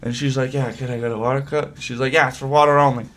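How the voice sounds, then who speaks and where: A man's voice: mid-range voice, fairly even intonation, fast, fairly bright tone. A young man telling a rambling work story on a livestream, full of swearing and filler words. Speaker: streamer.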